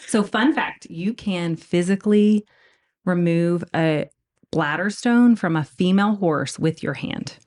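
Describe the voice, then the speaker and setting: A woman's voice: on the low side, measured pace, darkish tone. A woman in her thirties telling a story in casual chat, laughing and whispering the quoted lines. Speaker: veterinarian guest.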